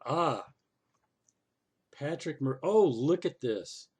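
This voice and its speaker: A man whose husky voice sits on the high side takes it slowly, with lively intonation, narrating a screen-recorded walkthrough. Sarcastic and fed up, he complains to the city council while thinking aloud, frequently saying "oh" and "okay."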